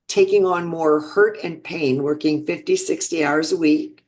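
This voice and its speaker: A woman's voice: sits low, measured pace, a little mellow. Reflective woman in her sixties. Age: 60s. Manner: reflective, earnest, with frequent restarts. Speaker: interview guest, businesswoman. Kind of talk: personal storytelling.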